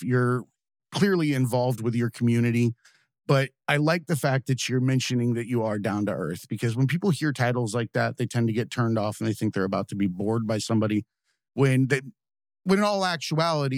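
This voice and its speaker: A man's voice: mid-range voice, fairly quick, no room sound, clean studio sound. A man hosting a podcast interview, summing up his guest's points in a thoughtful, reflective way. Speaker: podcast host.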